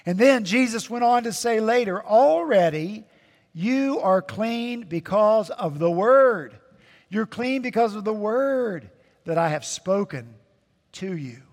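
A male pastor preaching a sermon, slow and emphatic, with dramatic pauses and repetition. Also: high voice, animated. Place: church sanctuary. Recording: long church hall reverb.

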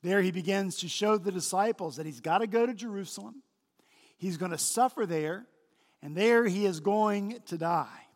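Emphatic high-voiced male pastor, hall reverb. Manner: emphatic preaching, slow stressed phrases. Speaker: senior pastor. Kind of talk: sermon. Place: large church sanctuary. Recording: long church hall reverb.

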